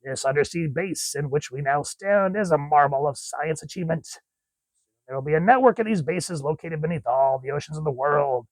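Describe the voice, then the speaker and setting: A pompous villain leader declaims to his followers in a grand tone, voiced by a man. The voice sits a little high and sounds dry and close. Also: moderate pace, no room sound, close to an everyday voice, low-quality recording. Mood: grandiose. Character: grandiose male villain leader giving a speech.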